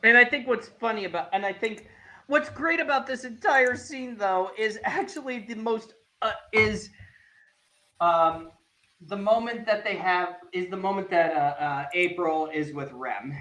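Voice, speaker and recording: This is an animated co-host on a casual anime podcast who talks through the plot with plenty of enthusiasm. The delivery is loose and chatty, broken up by frequent laughter. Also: mid-range voice, measured pace. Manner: animated, laughs often, acts out quoted lines. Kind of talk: casual excited recap chat.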